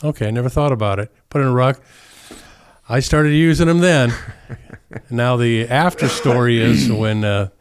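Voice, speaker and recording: An older man, a Vietnam veteran and podcast guest, telling war stories in a relaxed, animated way and acting out the other people's lines. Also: medium pitch, normal speed, clean tone. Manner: animated, acts out voices in anecdotes, chuckles often. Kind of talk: casual storytelling.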